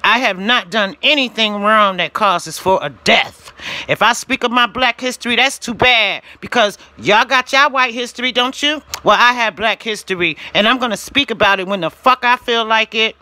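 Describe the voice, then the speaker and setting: A woman with a high, piercing, very bright voice delivers an indignant vlog rant straight to camera. She hammers her points through repetition and sometimes breaks into shouting. The sound is close and dry, with no room around it. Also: normal speed, dry recording. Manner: indignant and emphatic, rising to shouts; direct address to the platform, repeating phrases. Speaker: channel owner vlogging. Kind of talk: ranting vlog monologue.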